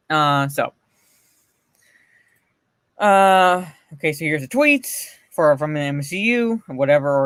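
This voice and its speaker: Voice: medium pitch, fairly bright tone, no echo. Brief: blunt, swearing livestream host with a mid-range voice, reading posts aloud and chatting with viewers, dry close sound. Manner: blunt, profane, often laughing, greets chatters by name. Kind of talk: casual livestream commentary.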